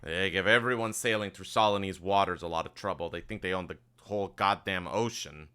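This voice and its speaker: A man plays a gruff, weary sea captain who curses under his breath in a tabletop game. The voice sits very low but rings bright and forceful. Each word comes out smooth and clear. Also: fairly quick. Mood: worried. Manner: grumbling, profane, worried.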